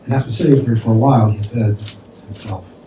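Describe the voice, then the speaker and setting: A man's voice: mid-range voice, quick pace. A man, a rabbi, telling a story in a conversational sermon, sprinkling in Yiddish and Hebrew terms. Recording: distant mic in an echoey room with faint noise.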